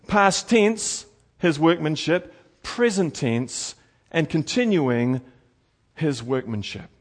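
High-voiced preaching man. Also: expressive. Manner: earnest, slows down to stress key words. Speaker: pastor. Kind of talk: sermon.

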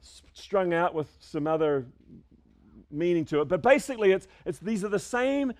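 Preaching to his congregation, this pastor is animated, moving between loud calls and quiet asides. His voice is high-pitched and his pace is moderate.

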